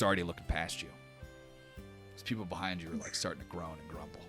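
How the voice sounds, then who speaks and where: A man narrating a tabletop game as game master, in a lively storytelling manner with casual fillers. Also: low voice, quick pace, husky, soft background music.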